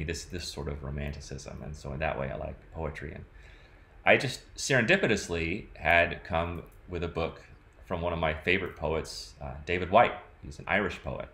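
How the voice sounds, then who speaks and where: Man, deep low voice, casual reflective vlog talk, rambling. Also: fairly bright tone, a little hiss or hum. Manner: rambling, full of "like" and "you know". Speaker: vlogger.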